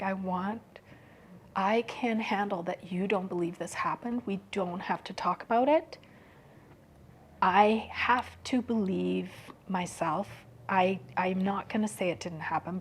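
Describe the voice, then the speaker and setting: In an intimate podcast conversation, a female guest speaks quietly and hesitantly, frequently lowering her voice to a hush. Her pitch is mid-range, and the recording carries a little hiss or hum.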